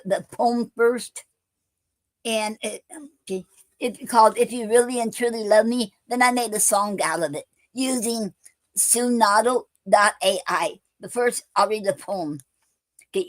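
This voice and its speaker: A woman hosting a poetry livestream, reading her own poems slowly with many fillers and restarts. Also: on the high side, dry recording.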